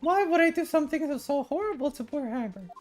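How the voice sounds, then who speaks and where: A woman voicing a shrill, indignant old woman guard in a courtroom game. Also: expressive, quick pace, faint music behind. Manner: screechy and indignant.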